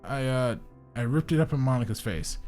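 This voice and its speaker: A man voicing a blunt, bossy young woman with a soft side, reading her lines in a raised voice. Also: medium pitch, expressive, fairly quick, soft background music, pitched above the performer's own voice, close to an everyday voice. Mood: teasing. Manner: snappy, teasing, then coaxing.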